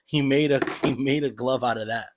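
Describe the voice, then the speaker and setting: A man's voice: medium pitch, steady tone, brisk, background noise. A man co-hosting a podcast in casual, swearing chat with a buddy, laughing often. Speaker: podcast co-host.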